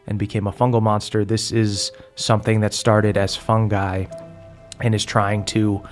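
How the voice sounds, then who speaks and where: A man narrating a tabletop game as game master, relaxed, with many fillers. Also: on the low side, normal speed, soft background music.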